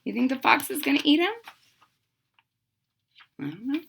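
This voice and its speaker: A woman teacher reading a picture book aloud to children, expressive, with chatty asides to the class. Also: high-pitched, moderate pace, vocal fry.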